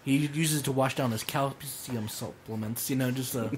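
A man's voice: medium pitch, normal speed, noisy background. A man cracking jokes and laughing in casual podcast chat. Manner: joking, laughing interjections.

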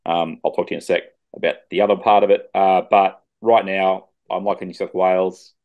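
Deep-voiced man joking through footy talk. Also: little pitch movement, fairly quick, phone-quality sound. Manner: laid-back, joking banter. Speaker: podcast co-host. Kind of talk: casual sports chat. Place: home, over a video call. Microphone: video call.

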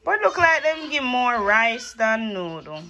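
A woman's voice: a little high, very animated, unhurried, crowd noise. A woman with a Jamaican accent chatting casually to her vlog camera in a loose, rambling patois-laced way. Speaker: vlogger.

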